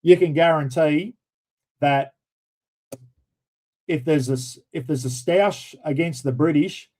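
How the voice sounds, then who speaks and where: A man's voice: fairly high pitch, takes it slowly, darkish tone, rough recording. A middle-aged Australian man hosting a casual livestream chat, blunt and swearing freely, calling viewers mate. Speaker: livestream host. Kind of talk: casual live-stream chat.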